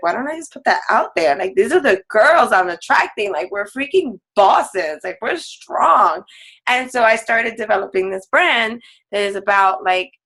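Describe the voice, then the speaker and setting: A woman fitness coach with a fairly low-pitched, fairly bright voice joins a team call as a guest. She talks casually and chattily, laughing often and filling her speech with "like."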